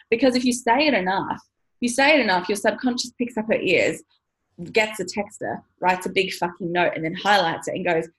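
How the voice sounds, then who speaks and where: A woman's voice: medium pitch, expressive, moderate pace, fairly bright tone, rough recording. A woman in her thirties, talking casually to camera as a money mindset coach, chatty, laughing often and swearing now and then.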